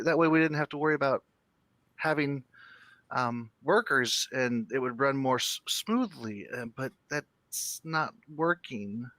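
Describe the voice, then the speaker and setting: A man's voice: fairly high pitch, a bit bright, no echo, pitched above the performer's own voice. A man voicing a small, anxious gnome woman mage who keeps apologizing.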